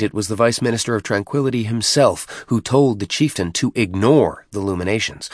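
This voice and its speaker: A man narrating a science fiction story in a measured, even way. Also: on the low side, no room sound, clean studio sound. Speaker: audiobook narrator. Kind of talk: scripted narration.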